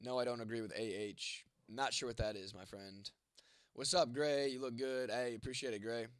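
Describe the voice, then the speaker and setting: A man's voice: mid-range voice, steady tone, normal speed, clean tone, dry recording. A young man hosting a livestream and answering chat in casual, profane talk; he is congested and his voice is going from a cold. He is blunt and teasing, swearing constantly.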